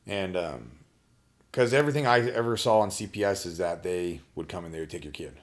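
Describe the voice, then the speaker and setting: A man with a very low, deep voice tells a personal story on a podcast. He talks bluntly and swears freely. He often stops and restarts his sentences. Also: expressive. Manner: blunt, profane, halting with restarts. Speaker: podcast guest.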